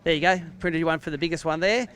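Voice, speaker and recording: A man's voice: on the high side, racing, a bit bright, clean tone. An Australian man emceeing a live fishing weigh-in outdoors by a lake, with jokey, upbeat banter. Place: outdoor lakeside weigh-in stage.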